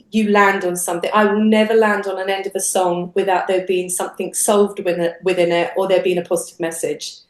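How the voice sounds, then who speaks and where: A singer-songwriter woman chatting as an interview guest, animated, acting out quoted thoughts with big jumps in voice and often restarting her sentences. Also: mid-range voice. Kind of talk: casual interview chat. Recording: roomy echo.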